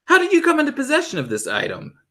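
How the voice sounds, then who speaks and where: A fussy elderly male curator, put on by a man reading a chapter book aloud. He talks politely and eagerly, pitched higher than a plain reading voice, with a lively rise and fall. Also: fast talker, full character voice. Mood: scholarly.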